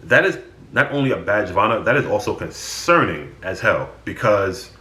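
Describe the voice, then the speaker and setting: A man with a low, bright-edged voice tells stories about his friends with lots of swing in his pitch. He sounds exasperated and swears freely, and the recording has a noticeable room echo. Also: lively intonation, normal speed. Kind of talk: casual storytelling.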